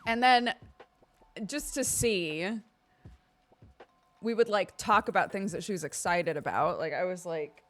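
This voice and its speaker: A woman livestreamer and mother telling a story about her daughter in a casual, animated way, laughing often. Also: lowish voice, a little slow, long pauses, soft background music. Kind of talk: casual storytelling on a live stream.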